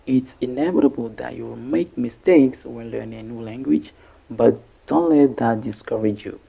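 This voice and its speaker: Gravelly, husky male English teacher. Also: medium pitch. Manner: repeats syllables slowly and deliberately. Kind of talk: pronunciation lesson. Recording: dull lo-fi recording.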